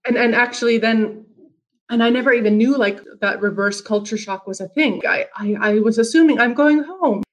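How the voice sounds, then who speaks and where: A woman's voice: fairly high pitch, normal speed, low-quality recording. Earnest woman recounting her story. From Finland. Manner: earnest, frequent restarts and "like" fillers. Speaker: interview guest. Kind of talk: personal storytelling in conversation.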